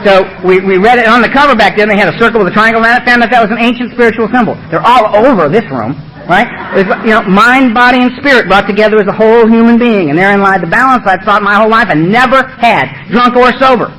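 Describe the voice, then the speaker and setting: Fast-talking, high-voiced man sharing bluntly. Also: bright, forceful tone, slight background noise, low-quality recording. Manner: blunt, emphatic, profane, humorous. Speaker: speaker sharing at a recovery meeting. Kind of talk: recovery meeting share. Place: meeting room.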